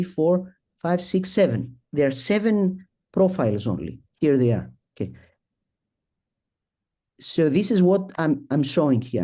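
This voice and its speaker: A middle-aged man presenting a statistics talk at a symposium, speaking haltingly, restarting sentences and thinking aloud as he works through his slides. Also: fairly high pitch, dark tone. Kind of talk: academic statistics lecture.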